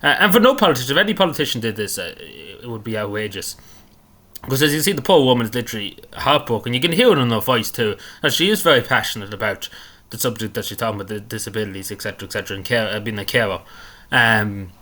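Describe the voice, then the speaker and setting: A man talks quickly and with some force in a bright tone. He rambles through an indignant commentary on a clip and keeps circling back to the same points. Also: lowish voice, lively intonation. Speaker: political commentator. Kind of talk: casual commentary on a video clip.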